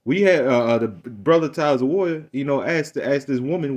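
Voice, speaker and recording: A man giving a casual, heated monologue as a religious vlogger, repeating himself and swinging from low muttering to loud rising rants. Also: fairly quick.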